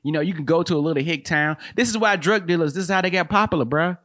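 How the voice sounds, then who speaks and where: A man's voice: fairly high pitch, quick pace, fairly bright tone. A man hosting a comedic solo commentary, loose and slangy, who keeps calling listeners man and bro and laughs at his own jokes. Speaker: host and comedian.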